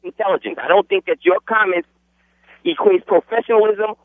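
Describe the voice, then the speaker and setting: A man's voice: high-pitched, brisk, dry recording. Tinny-phoned New York man arguing back. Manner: defensive, argumentative. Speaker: caller. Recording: tinny phone line into radio.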